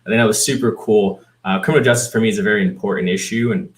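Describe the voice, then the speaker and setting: A man's voice: fairly low pitch, fairly even intonation, very fast. A man appearing as a guest activist, answering interview questions in an easygoing, hesitant way.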